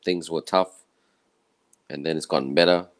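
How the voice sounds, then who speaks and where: A man from Malaysia with a croaky, tired voice, giving an earnest, rambling personal talk from home. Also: very deep voice, steady tone, normal speed, poor audio. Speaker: event speaker. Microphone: own camera and microphone setup.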